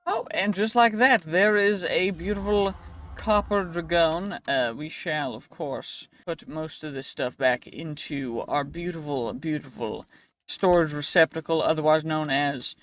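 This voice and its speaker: A man's voice: a little high, a bit bright. A man giving casual, playful commentary over his own gameplay, sometimes slipping into a joking put-on accent. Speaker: gaming YouTuber.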